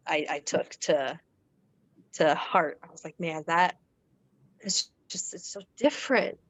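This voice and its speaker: A woman guest on a podcast, casually telling a personal story in a relaxed, chatty way with fillers and restarts. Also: fairly low pitch, poor audio.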